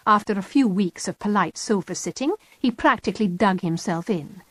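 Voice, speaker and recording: A woman narrating an audiobook in a wry, lively storytelling manner. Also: mid-range voice, normal speed, few pauses, no echo. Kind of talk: scripted narration.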